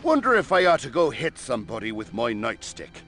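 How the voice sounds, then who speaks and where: Smug thuggish cop, lively, gruff, game voice. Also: male voice, mid-range voice, a little fast, faint music behind. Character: thuggish small-town 1950s policeman.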